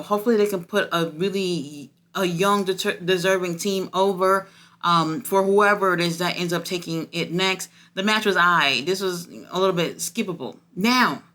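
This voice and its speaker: A woman reviewing a wrestling show in a casual, excitable chat, swearing freely and gushing with lots of fillers. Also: fairly low pitch.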